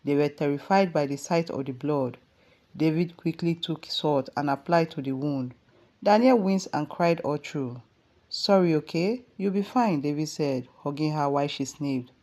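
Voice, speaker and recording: A woman with a Nigerian accent narrating a dramatic family story in a steady storytelling voice. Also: low voice, normal speed.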